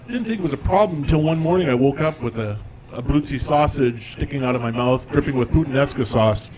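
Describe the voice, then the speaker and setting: A man's voice: medium pitch, lively intonation, fairly quick, darkish tone. A man in his forties performing a stand-up comedy routine on stage, with a conversational, self-deprecating delivery. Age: 40s. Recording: live audience in a comedy club.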